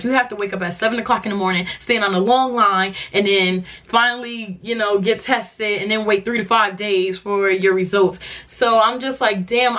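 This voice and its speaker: A woman's voice: medium pitch, fairly bright tone. Chatty young woman. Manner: chatty, dramatic, many "like" fillers. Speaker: vlogger. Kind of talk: casual storytelling to camera.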